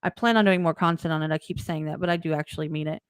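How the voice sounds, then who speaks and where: A woman's voice: low voice, fairly even intonation, racing, clean tone, no echo. A woman host in casual chat, chatty and encouraging, who acts out the conversations she retells. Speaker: streamer and host.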